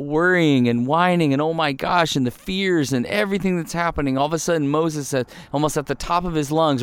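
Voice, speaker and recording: A man's voice: on the high side, clear, resonant tone, dry recording. A man preaching a conversational sermon, telling the story with animation and putting rhetorical questions to his listeners.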